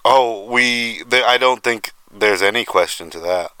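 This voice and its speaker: A man's voice: lowish voice, a little slow, bright, forceful tone, clear, resonant tone, low-quality recording. A man chatting casually as a podcast co-host, laid-back and rambling with fillers.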